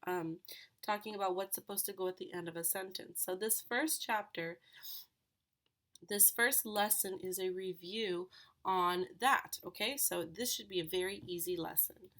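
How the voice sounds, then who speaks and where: A woman teacher records a lesson for third graders. She talks patiently and explains each step, asking the class questions along the way. Her voice sits at an ordinary middle pitch. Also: normal speed, fairly bright tone.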